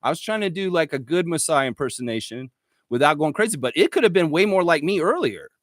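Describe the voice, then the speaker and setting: This live-stream host has a fairly high voice and talks fast, captured in clean studio sound without echo. He goes on a casual, profane rant, getting excited and reading viewers' comments aloud.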